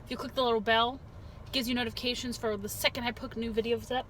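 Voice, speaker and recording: A talkative woman with a fairly high voice chats loosely about her day as a vlog host. She rambles from topic to topic in easy, casual chat. Steady car noise runs behind her from inside a vehicle. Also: fast talker, rough recording. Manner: chatty and rambling.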